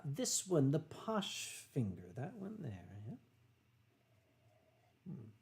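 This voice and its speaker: A man hosting a casual livestream while drinking, rambling, swearing freely, clearing his throat and reading viewer messages aloud. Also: sits high, big pitch swings, extremely slow, pauses often, sharp tone. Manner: rambling and profane, reads chat aloud, frequent throat clearing. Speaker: livestream host.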